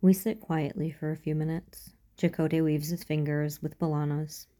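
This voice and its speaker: A woman reading a first-person fan fiction story aloud as an audiobook, in a calm and even storytelling manner. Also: low voice, moderate pace. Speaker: audiobook reader.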